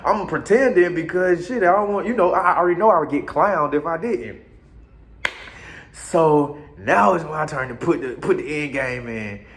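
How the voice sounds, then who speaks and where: A man telling a crude, comic story in a casual, animated way. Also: a little high, normal speed. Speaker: podcast host telling a story.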